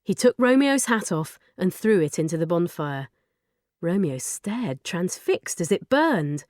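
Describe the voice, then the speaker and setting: A woman narrating a children's storybook in an expressive, lively way. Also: lowish voice, a little slow, no room sound, clean studio sound. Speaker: audiobook narrator.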